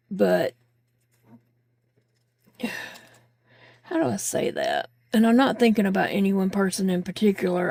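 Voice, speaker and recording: A woman's voice: mid-range voice, creaky, mellow, breathy edge. A woman vlogging while crafting, chatting candidly and rambling with fillers, sounding tired and short of breath. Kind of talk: casual chat while crafting.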